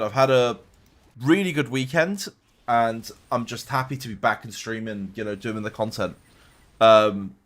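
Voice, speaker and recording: A young male streamer talks loosely from his room at home, answering viewer questions in a chatty way. He often restarts his words, and his voice sits at an ordinary middle pitch for a man. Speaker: game streamer. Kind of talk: casual live-stream chat.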